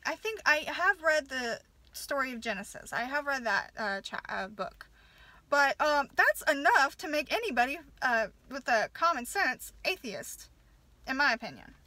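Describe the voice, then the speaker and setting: A woman's voice: high-pitched, pushed and bright, no echo. A mother ranting in a furious, profane casual rant, with stumbling restarts. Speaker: vlogger, mother.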